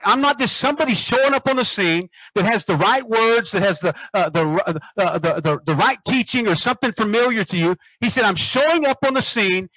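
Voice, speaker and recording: A man's voice: sits high, bright, forceful tone, dry recording. A man preaching a sermon, emphatic, repeating phrases and asking the congregation questions. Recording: muffled dry recording.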